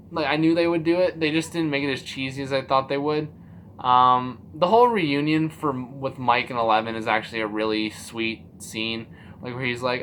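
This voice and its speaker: A man giving a casual spoiler review of a TV series, animated and profane, acting out his own reactions with lots of fillers. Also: medium pitch, normal speed, slight background noise. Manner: loose and profane, many fillers.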